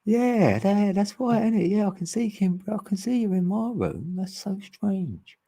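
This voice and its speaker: Husky man chatting casually. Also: high voice, lively intonation, a little slow, dark tone. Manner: rambling and chatty, laughs often. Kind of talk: casual chat.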